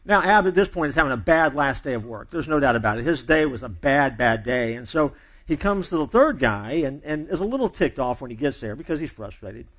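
A man's voice: mid-range voice, animated, fairly quick, a bit bright. A man preaching a sermon in a loose, conversational storytelling way, often repeating and restarting his words. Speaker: pastor. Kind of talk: sermon opening with a told joke.

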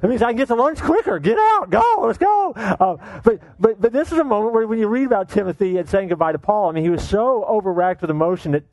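A man preaching with a high voice that swoops up and down, playful and quick to joke. He keeps asking his listeners questions as he builds the sermon, recorded dry and close with no room around him. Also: no echo, rough recording. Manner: animated, joking, full of rhetorical questions. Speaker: pastor.

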